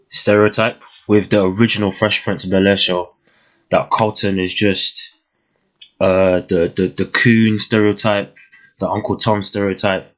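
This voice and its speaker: A young man with a fairly low voice talks through his thoughts on a new series. He sounds casual and reflective, and he often stops, restarts and searches for the right word. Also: a bit bright. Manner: thoughtful, hesitant, many restarts and fillers. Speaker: TV reviewer. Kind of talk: casual spoken review.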